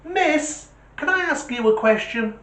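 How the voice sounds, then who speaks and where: A man with a British accent voicing a cheeky, clever little boy in a joke, in a high boyish voice that sounds sly and cocky. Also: expressive, a little slow, sharp tone, full character voice. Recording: roomy echo.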